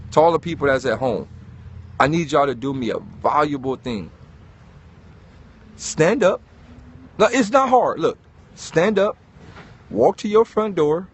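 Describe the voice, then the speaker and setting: A man giving an animated, preachy motivational talk, swearing and calling listeners dog. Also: fairly high pitch, husky. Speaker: host.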